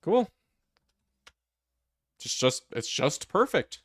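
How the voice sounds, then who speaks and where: A man chatting casually while playtesting his game mod, excitable and full of fillers like "like". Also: a little high, drawn-out words, slightly rough, no echo, studio quality. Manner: excitable, chatty, heavy use of "like". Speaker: game modder streaming his work.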